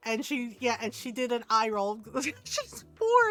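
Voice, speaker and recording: A woman's voice: a little high, lively intonation, fairly quick, fairly bright tone. An older woman, a grandmother, chatting casually and telling stories while she streams a game, laughing often and asking "right?".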